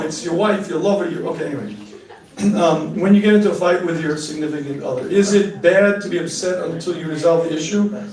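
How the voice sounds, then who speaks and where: High-voiced joking middle-aged man, echoey hall. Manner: animated, joking, laughs at his own asides. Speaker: rabbi answering audience questions. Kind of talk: live talk with Q&A. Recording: echoey room, mic at a distance.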